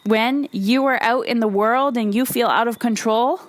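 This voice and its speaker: A woman's voice: fairly high pitch, lively intonation, moderate pace, hardly any pauses, dry recording. A woman hosting a solo motivational podcast, talking emphatically and bluntly, with some swearing and repeated phrases for emphasis. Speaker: podcast host and coach.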